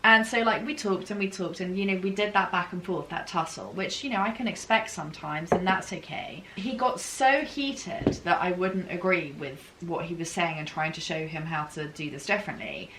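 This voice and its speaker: A woman's voice: fairly low pitch, normal speed, few pauses, fairly bright tone. A woman life coach talking in an upbeat, emphatic way, often adding "right?" to her points. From England. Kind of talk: conversational interview. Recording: echoey room with faint noise.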